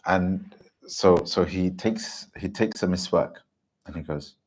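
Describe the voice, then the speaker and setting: A man giving an earnest, impassioned religious talk to a gathering, often pausing to ask if listeners understand. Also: low voice. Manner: earnest, keeps asking "do you understand?". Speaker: Islamic teacher giving a talk.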